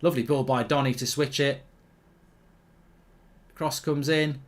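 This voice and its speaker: A man's voice: medium pitch, steady tone, a little slow. A man hosting a live football watchalong, chatting opinionatedly and reacting to the match. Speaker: host.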